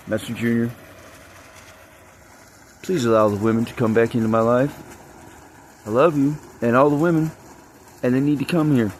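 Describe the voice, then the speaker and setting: A man's voice: mid-range voice, a little hiss or hum. A man rambling and venting in an agitated monologue, swearing heavily as he talks. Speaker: vlogger.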